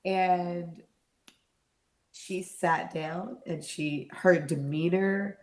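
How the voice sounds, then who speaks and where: A middle-aged woman, an interview guest, telling a personal story in an animated way and acting out the voices she quotes. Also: low-pitched.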